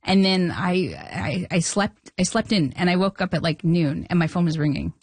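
Woman guest telling a story on the radio, animated, dry studio sound. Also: on the low side, normal speed, no room sound. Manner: lively storyteller, acting out quoted dialogue. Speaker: guest filmmaker. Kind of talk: anecdotal interview talk.

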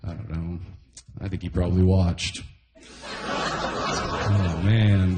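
A young male comedian from Canada works through a stand-up set with a fairly low voice, often laughing at his own lines. The sound is roomy, like a club stage. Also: fairly even intonation, slow pace, over music. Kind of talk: stand-up routine.

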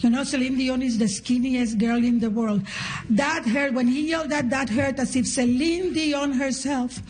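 A Nicaraguan woman with a Spanish accent performing a lively stand-up comedy set on stage, playful and punchy. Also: high-pitched, normal speed, breathy edge. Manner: animated, playful, chants and shouts punchlines. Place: comedy stage before a live audience.

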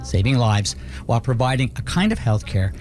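A man hosting a radio show, introducing the episode in a calm, measured scripted narration. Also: mid-range voice.

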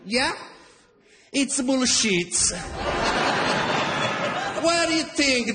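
A man's voice: very high voice, pushed and bright, echoey room, slight background noise, voice pushed up, full character voice. A man putting on the voice of his hot-tempered older Italian immigrant father, with a heavy Italian accent and broken English. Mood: scornful. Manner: theatrical, threatening, broken English.

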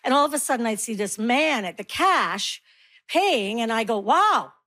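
A woman's voice: fairly high pitch, animated, normal speed, a bit bright. A woman, doing a wry, self-mocking stand-up comedy set. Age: 60s. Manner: wry, self-mocking, punchy delivery with put-on voices.

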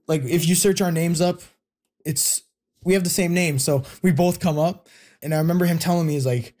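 A young man telling a personal family story in an interview, casual and heartfelt, pausing often with fillers. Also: a little high, darkish tone. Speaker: guest.

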